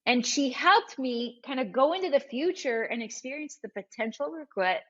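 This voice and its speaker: A woman guest on a podcast interview, telling a personal story with lively, acted-out dialogue. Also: sits high, moderate pace, muffled recording. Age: adult, mother of school-age boys. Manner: animated storyteller who acts out quoted dialogue. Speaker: entrepreneur guest.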